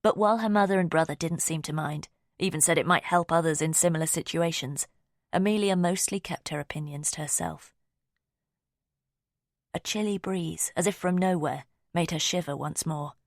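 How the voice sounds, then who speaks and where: Low-voiced woman narrating an audiobook. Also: normal speed, no room sound, studio quality.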